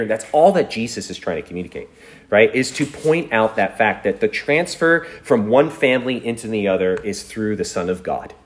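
Male pastor, animated pitch, casual storytelling sermon. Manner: conversational, storytelling, chuckles often.

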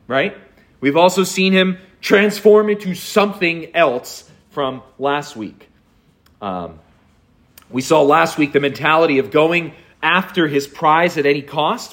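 A man's voice: a little high, fairly bright tone. A man giving a conversational sermon as a pastor, reading film dialogue and talking with frequent fillers and restarts.

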